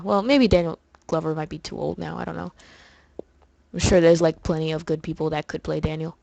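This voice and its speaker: A woman's voice: deep voice, fairly even intonation, fairly quick, vocal fry, mellow. A young woman doing casual, rambling commentary over gameplay, often restarting her sentences. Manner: chatty, rambling, full of fillers. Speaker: let's play host.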